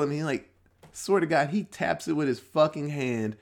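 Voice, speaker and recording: A man's voice: normal speed, gravelly. Rambling young man recapping a movie. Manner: rambling, self-correcting, swears casually; jumps into higher voices when quoting characters. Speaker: podcast host.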